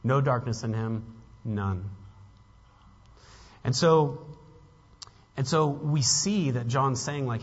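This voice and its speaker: A man's voice: medium pitch, slow pace, long pauses, breathy edge. A man preaching a sermon as pastor, earnest and building to emphatic peaks, with casual asides to the congregation. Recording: dull lo-fi with long hall reverb.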